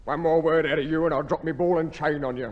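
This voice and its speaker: An actor playing a blunt, threatening escaped convict with a Cockney accent in a 1950s radio comedy. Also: male voice, on the high side, steady tone, fast talker, lo-fi sound, lightly acted. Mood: menacing. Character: gruff escaped male convict, menacing but dim. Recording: old radio broadcast with faint hiss.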